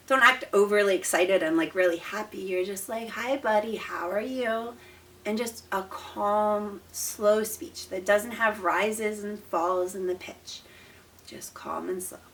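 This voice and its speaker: A young woman, a parent of an autistic child, gives earnest, calm advice in a numbered list, speaking straight to camera. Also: mid-range voice. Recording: voice a bit distant from the mic.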